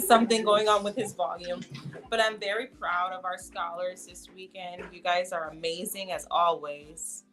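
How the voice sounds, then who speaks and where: A woman's voice: lowish voice, fairly even intonation, normal speed, music in the background, poor audio. A woman hosting an online reading session over a video call, encouraging readers, helping with pronunciation and teasing playfully. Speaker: reading program host.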